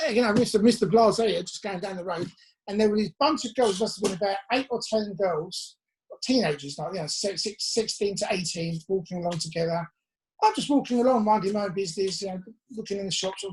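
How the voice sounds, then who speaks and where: A man's voice: high voice, a little fast, a little mellow, slight background noise, poor audio. A British man in his sixties telling a rambling, self-deprecating story as an interview guest over a video call. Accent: British English. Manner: chatty, rambling, self-deprecating, acts out his own thoughts. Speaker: interview guest, former band drummer. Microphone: phone on a video call.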